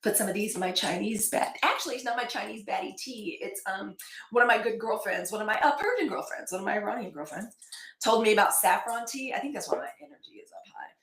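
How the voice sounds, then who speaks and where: A woman's voice: medium pitch, fast talker. Chatty woman host in an echoey room. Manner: chatty, digressive, thanks viewers by name. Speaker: host of a daily live news show. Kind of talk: casual livestream chat.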